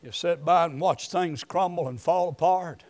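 A middle-aged man preaching a sermon, moving between quiet storytelling and shouted emphasis. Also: fairly high pitch, normal speed, dry recording.

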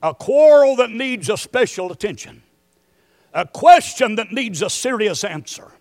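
High-pitched preacher, shouting peaks. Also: male voice, animated, a little slow, dry recording, studio quality. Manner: swings from quiet storytelling to shouted emphasis. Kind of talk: sermon.

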